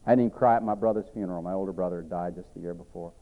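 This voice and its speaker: A very deep-voiced man preaches his testimony, earnest and repetitive, swinging from raised passages to near-hushed ones. The sound is thin and narrow, like a phone line. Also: racing. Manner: earnest, repeats himself, rises then drops to a hush. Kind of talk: sermon testimony storytelling.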